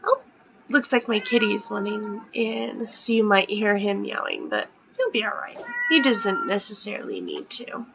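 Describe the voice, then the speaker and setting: A woman's voice: mid-range voice, sing-song, normal speed, vocal fry, dull audio, background noise. A woman in her thirties chatting casually at home while playing a life-sim game, often dropping into a whisper. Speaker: gaming vlogger. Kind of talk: casual gameplay commentary.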